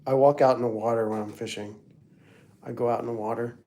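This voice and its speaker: A man's voice: mid-range voice, steady tone, brisk, darkish tone. A middle-aged man hosting a casual livestream, rambling through family photos and chatting to viewers by name. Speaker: livestream host.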